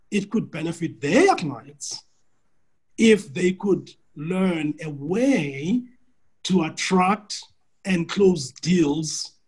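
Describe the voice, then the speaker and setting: A husky, slightly higher-voiced man coaches a client on a call. He talks in an animated, story-driven way and often restarts his sentences. His tone stays friendly and persuasive. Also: low-quality recording. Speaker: business coach. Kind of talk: coaching call answering a question.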